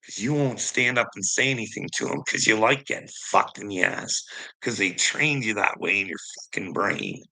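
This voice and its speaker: Man with a husky, raspy voice, sharp and forceful, ranting and swearing at his stream. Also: on the low side, moderate pace, low-quality recording. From Canada. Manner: heated, swearing, confrontational. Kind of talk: angry profane rant.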